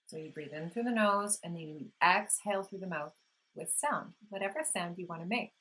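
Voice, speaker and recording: A woman vlogger gently explaining calming practices in a soothing, unhurried talk, with audible sighs when she demonstrates breathing. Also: on the low side, poor audio. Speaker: wellness vlogger. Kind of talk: casual instructional talk.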